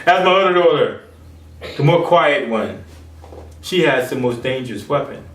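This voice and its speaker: A man preaching a sermon from his home office, impassioned and swinging between loud and hushed delivery. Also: mid-range voice, lively intonation, normal speed, echoey room, far from the mic.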